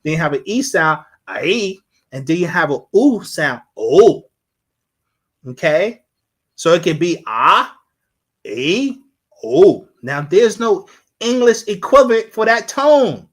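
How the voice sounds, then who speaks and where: Slightly high-voiced man lecturing casually. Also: expressive, moderate pace. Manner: rambling, repeats himself, sounds out syllables. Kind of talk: casual live-streamed lecture.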